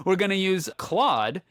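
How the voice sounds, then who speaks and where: Playful podcast co-host, man, slightly high voice, dry close sound, explains things step by step. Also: a bit bright, no room sound. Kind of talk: casual chat.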